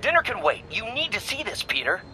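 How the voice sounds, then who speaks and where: An excitable, pushy scientist. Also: male voice, high-pitched, fairly quick, a little hiss or hum, exaggerated voice. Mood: excited. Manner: excited, insistent. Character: excitable older male scientist, eager and pushy. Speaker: doctor, scientist.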